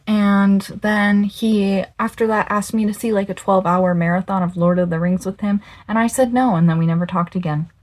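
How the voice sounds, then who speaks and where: Young woman, casual storytelling vlog, animated, exasperated, drawn-out emphasis, mid-pitched voice. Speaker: vlogger.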